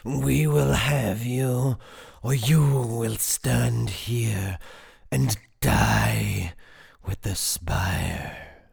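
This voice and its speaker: Man doing a faceless monster, howling, higher than his usual voice, very slow, whispery menace, storybook reading. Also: steady tone, vocal fry, a little mellow, slightly rough, no room sound, clean studio sound, heavily acted. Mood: menacing.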